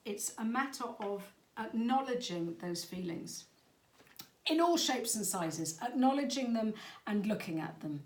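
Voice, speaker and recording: A woman's voice: on the high side, lively intonation, a little slow. A middle-aged woman, talking to parents as a parenting coach in an earnest, conversational way that sometimes stumbles over words. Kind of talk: talk to parents. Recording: echoey room.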